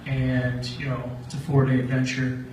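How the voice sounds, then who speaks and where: A man's voice: medium pitch, monotone, normal speed, noisy background. A man doing stand-up, telling a rambling story and laughing at his own jokes. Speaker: stand-up comedian. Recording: echoey room from far off with faint ambience.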